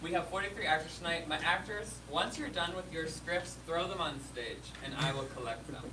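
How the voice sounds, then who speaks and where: Guy hosting a live show, kinda high voice, frantic crude rambling, echoey far-off mic. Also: a little fast, background noise. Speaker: host. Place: live stage show indoors. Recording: echoey room, distant mic, loud audience laughter.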